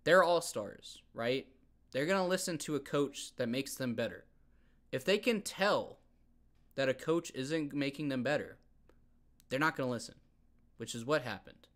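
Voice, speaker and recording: A young man hosting a podcast, ranting heatedly about basketball in a casual, animated way and often repeating himself. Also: medium pitch, normal speed, pauses often. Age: young adult. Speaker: podcast host. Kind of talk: casual sports rant.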